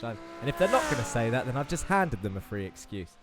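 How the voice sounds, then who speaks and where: A man's voice: fairly low pitch, big pitch swings, brisk, few pauses, music in the background. A man commentating a sim racing broadcast in a chatty, enthusiastic way, talking viewers through the track turn by turn. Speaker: race commentator.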